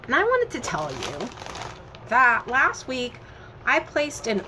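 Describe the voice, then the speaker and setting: A woman hosting a casual home vlog, chatting in an animated, talkative way. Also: on the high side, slow pace, background noise. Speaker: vlogger host.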